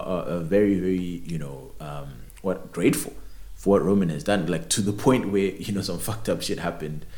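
A young man chatting casually as a podcast host, swearing and repeating words as he tells an animated story. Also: sits low. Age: young adult. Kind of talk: casual chat. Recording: roomy echo.

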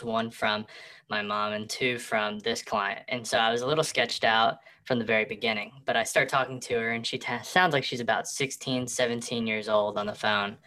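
Bright, disguised voice of a man telling a story. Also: medium pitch. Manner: rambling, halting with fillers. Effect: voice distortion for anonymity. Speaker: real estate agent. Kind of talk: casual storytelling.

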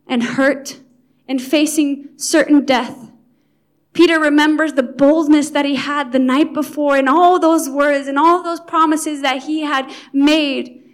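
A woman preaching a devotional Bible talk with earnest feeling, dropping soft and then swelling loud for emphasis. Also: sits high.

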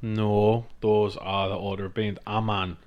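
A man's voice: fairly low pitch, flat delivery, measured pace, muffled recording. A man from northeast England with a northeast English accent, co-hosting a podcast in casual chat, rambling, swearing and laughing often. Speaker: podcast co-host.

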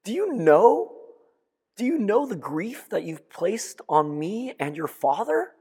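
Guy doing a frantic mom chewing out her kid, way up high, husky, echoey room. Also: sing-song, takes it slowly, darkish tone, exaggerated voice. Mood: angry, distraught. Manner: raised, pleading, scolding. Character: frantic angry mother scolding her son. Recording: long echoing reverb.

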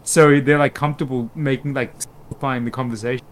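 A man's voice: medium pitch, brisk, rough recording. A man, co-hosting a podcast and telling rambling stories in casual chat. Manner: rambling, animated storyteller. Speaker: podcast co-host.

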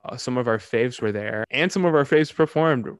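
A young man co-hosting a podcast in casual chat, talking in quick, animated bursts and laughing often. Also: medium pitch, smooth, no echo. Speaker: podcast co-host.

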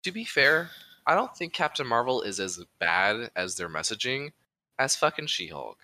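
A man's voice: medium pitch, big pitch swings, moderate pace, sharp tone, a little hiss or hum. A young man co-hosting a podcast, chatting casually with loose, rambling opinions and plenty of swearing. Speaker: podcast co-host. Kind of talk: casual chat.

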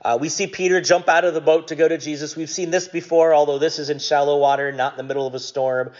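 A man preaching a conversational sermon, relaxed and jokey, with frequent ums. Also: on the high side, fast talker. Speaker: pastor. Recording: dull lo-fi recording.

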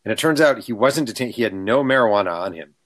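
Talking fast in a lowish voice, a man who wrote a book tells stories casually as a guest. He's animated and performs the voices of the people he quotes.

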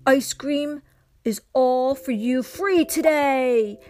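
A woman voicing a brave male ice cream shop owner in a children's story, speaking loudly and boldly. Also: high-pitched, takes it slowly. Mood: generous.

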